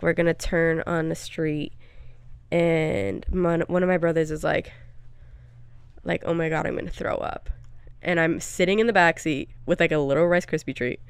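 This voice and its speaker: Young female co-host: low, gravelly, smooth voice, dry close sound, lively delivery. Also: no echo. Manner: rambling storyteller, laughs often. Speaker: podcast co-host. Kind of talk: casual chat.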